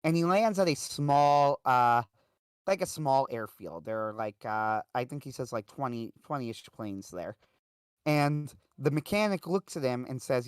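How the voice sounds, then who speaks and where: This livestream host's story wanders casually, filled with "uh" and "like," delivered at a measured pace. His medium-pitched voice is expressive with a clean tone, and the studio audio is clean with no room sound.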